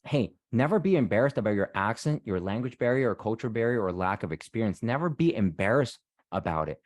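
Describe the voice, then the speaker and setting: A man's voice: fairly low pitch, expressive, fairly quick, dry recording. A man giving a casual, repetitive career-coaching talk, often asking "right?" to his listeners. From Canada. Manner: chatty, repeats himself, frequent "right?". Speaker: career coach and guest speaker.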